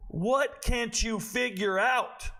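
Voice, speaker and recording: A man's voice: extremely high pitch, slow, bright, forceful tone. A man hosting a sports betting vlog, ranting in a brash, boastful, scolding way. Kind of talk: betting picks vlog rant.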